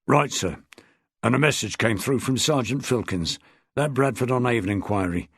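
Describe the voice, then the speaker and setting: A man's voice: mid-range voice, moderate pace, husky, no room sound, clean studio sound, voice pushed down. A man voicing a respectful, matter-of-fact junior police inspector in an audiobook. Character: deferential male police inspector, loyal junior officer. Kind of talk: audiobook character voice.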